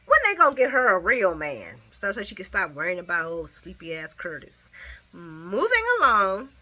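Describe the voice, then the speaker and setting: Animated recap host, a woman, opinionated and chatty, bright voice that laughs often. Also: on the low side, normal speed. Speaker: soap opera recap vlogger. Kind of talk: casual spoken recap.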